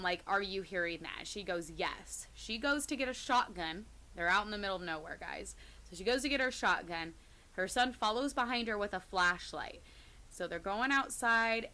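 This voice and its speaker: A woman co-hosting a podcast, casually retelling creepy stories, sometimes dropping to a hush and often laughing. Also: medium pitch. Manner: retells scary stories, drops to hushed tones, laughs often. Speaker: podcast co-host. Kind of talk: casual storytelling chat.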